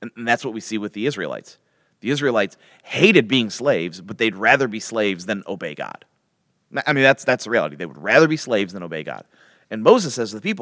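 Emphatic low-voiced man preaching. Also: big pitch swings, a little fast, a bit bright, dry recording, clean studio sound. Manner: casual, emphatic, frequent restarts and rhetorical questions. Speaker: pastor. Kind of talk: sermon, Bible teaching.

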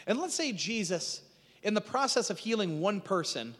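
Male pastor, high-pitched and animated, preaching in a reverberant church hall. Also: normal speed. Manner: conversational preaching with frequent restarts and rhetorical questions. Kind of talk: sermon.

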